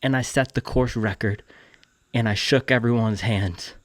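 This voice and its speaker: Man, running vlog, outdoors, slightly out of breath, animated, laughing. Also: mid-range voice, moderate pace, no room sound. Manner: animated storytelling, laughing often. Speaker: running vlogger. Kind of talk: casual vlog talk.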